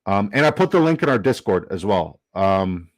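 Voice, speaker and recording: A young man casually chatting on a live stream, reading chat comments aloud, excitable and swearing freely. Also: on the low side, normal speed. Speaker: fantasy football streamer.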